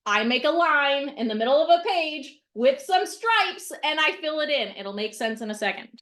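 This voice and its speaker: A woman's voice: sits high, expressive, moderate pace, a bit bright. Blunt middle-aged woman coaching on a video call. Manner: blunt, emphatic, repeats points with "okay?". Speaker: mindset coach. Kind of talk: casual teaching on a video call.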